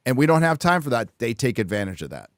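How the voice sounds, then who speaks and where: Man, podcast host, blunt, swears, emphatic, mid pitch, dry close sound. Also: big pitch swings, fast talker, dry recording. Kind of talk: casual political chat.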